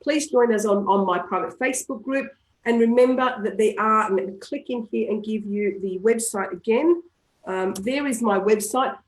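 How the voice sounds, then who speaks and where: A woman who coaches emotional tapping, leading a guided session on a live call and repeating calm affirmations for listeners to say. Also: on the high side, normal speed. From Australia. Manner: calm, repetitive affirmations, coughs now and then. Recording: roomy echo on a live call.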